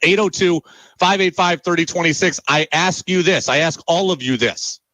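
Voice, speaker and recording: A man's voice: fairly high pitch, normal speed, sharp tone, no echo, poor audio. A man hosting sports talk radio, exasperated and emphatic, hammering his points home with repeated rhetorical questions.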